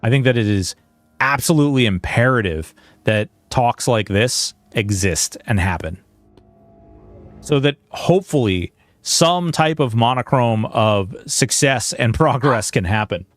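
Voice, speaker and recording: A man's voice: medium pitch, animated, unhurried. Earnest, rambling male streamer. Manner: earnest, rambling, with many restarts. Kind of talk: livestream chat and game commentary. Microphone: headset.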